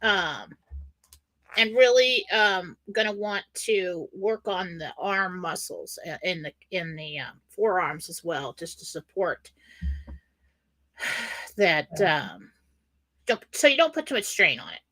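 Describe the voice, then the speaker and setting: Lady doing psychic readings on a live show, bit low, bright tone, chatty. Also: lively intonation, slow pace. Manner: chatty, lots of fillers and restarts. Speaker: psychic reader. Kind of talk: casual live show chat.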